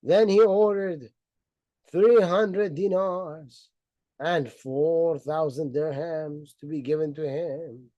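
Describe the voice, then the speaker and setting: A man's voice: a little high, slow pace, no echo, dull audio. A man giving a sarcastic, mocking commentary on religious history, retelling it theatrically and acting out the people in it. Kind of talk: mocking lecture-style commentary.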